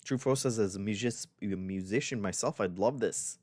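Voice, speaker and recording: Game music runs beneath this casual live-stream commentary from a man playing game demos, who chats, reads on-screen text out loud and reacts along the way. His voice is lowish and a little mellow, delivered at a normal pace, with no room sound.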